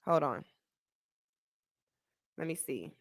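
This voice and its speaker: A young woman streamer telling a story as she reacts to a clip, expressive and laughing as she acts out what people said. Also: low voice, takes it slowly, vocal fry, breathy edge. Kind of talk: animated storytelling commentary.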